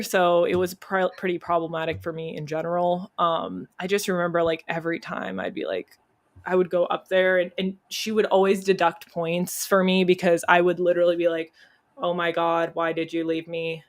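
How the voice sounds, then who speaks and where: A young adult woman chatting as a podcast guest, telling stories and laughing often. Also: fairly low pitch. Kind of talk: casual chat.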